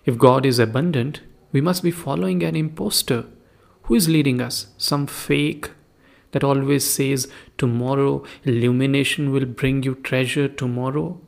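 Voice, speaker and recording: Scolding poor wife, man reading her lines, accusing and sour, gravelly tone. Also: mid-range voice, fairly even intonation, moderate pace, lightly acted. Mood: complaining. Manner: reproachful, accusing.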